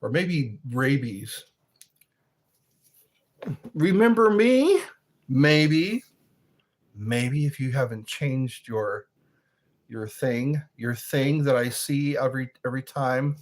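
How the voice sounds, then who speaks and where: A man hosting a casual livestream, reading viewer comments aloud and joking between them in a slow, drawn-out way. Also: mid-range voice, steady tone. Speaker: livestream host.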